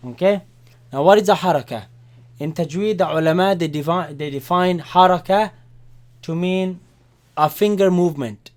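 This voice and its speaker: A man teaching a Quran class, explaining vowels step by step and checking in with his students. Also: high-pitched. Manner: repeats Arabic words slowly and loudly, checks in with "right?". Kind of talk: classroom Arabic lesson.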